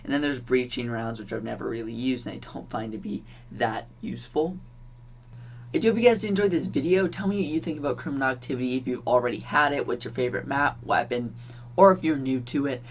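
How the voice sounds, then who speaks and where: A man's voice: mid-range voice, a little fast, a little hiss or hum. A young man from Canada hosting a gaming channel, talking through game content in a chatty, offhand way with ums and little laughs. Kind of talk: casual gaming commentary.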